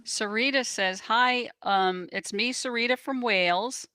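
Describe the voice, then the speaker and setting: A woman with a bright, crisp voice reads viewer questions aloud in a plain, steady way. Her sound is dry and close, with little room around it. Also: a little high, a little slow, dry recording. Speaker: co-host reading out viewer questions. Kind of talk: reading chat messages aloud.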